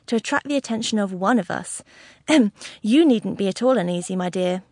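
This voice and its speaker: A woman's voice: mid-range voice, expressive, moderate pace, darkish tone, no echo, clean studio sound. A woman voicing a fussy, self-important middle-aged mother who talks in a prim, huffy way, in a storybook reading.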